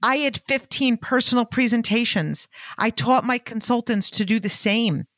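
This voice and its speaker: A middle-aged woman hosting a podcast, telling a personal story with lively acted-out dialogue and frequent filler phrases. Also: on the high side, normal speed, no echo. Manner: animated, acts out quoted dialogue; fillers like "long story short" and "like". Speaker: podcast host. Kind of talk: storytelling monologue.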